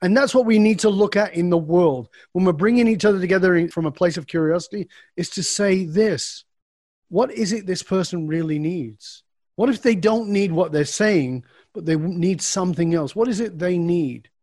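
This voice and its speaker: A man's voice: high voice, moderate pace, no room sound, clean studio sound. A middle-aged man answering an interviewer's questions on a podcast, a coach who acts out the dialogue of his stories. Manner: animated storyteller acting out dialogue.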